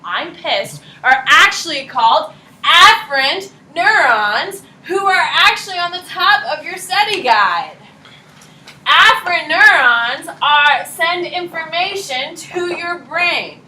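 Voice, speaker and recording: A woman teacher giving a chatty, animated classroom lecture, often checking in with her students. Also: very high voice, slow. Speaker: high school teacher. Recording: roomy classroom echo.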